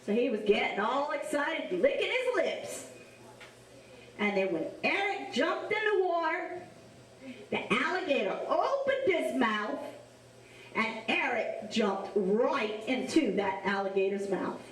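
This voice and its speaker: A woman from south Louisiana with a Cajun accent, telling a story to children in an animated, drawn-out way and asking them questions. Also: high voice. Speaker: storyteller and face painter. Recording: echoey room from a distance.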